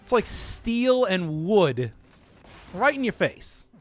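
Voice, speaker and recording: Young guy streaming a game, chatty and rambly, laughs a lot, voice sits a bit high and jumps around. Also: very animated, slow pace, faint music behind. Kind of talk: live gameplay commentary.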